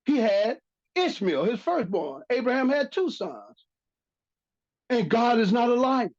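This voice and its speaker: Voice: medium pitch, big pitch swings, measured pace, darkish tone. A religious teacher giving a bible lesson, reading verses aloud and repeating key phrases for emphasis. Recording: dull lo-fi recording.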